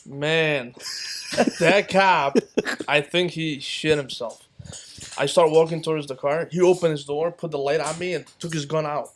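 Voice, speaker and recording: A man's voice: a little high, unhurried. A man, an English speaker from Palestine, telling a story casually as a guest and acting out the voices of people he quotes. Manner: animated, acts out quoted voices. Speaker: featured guest.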